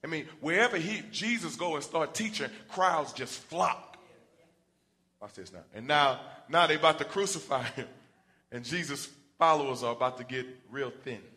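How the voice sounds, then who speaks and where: Animated preacher man with a bright voice. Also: moderate pace. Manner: animated, acts out Bible characters with rising pitch and volume. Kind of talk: sermon.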